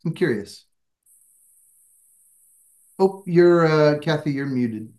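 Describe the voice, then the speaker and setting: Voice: mid-range voice, lively intonation, slow, mellow. A Bible study leader on a video call, guiding a group discussion in a reflective, searching, self-deprecating way.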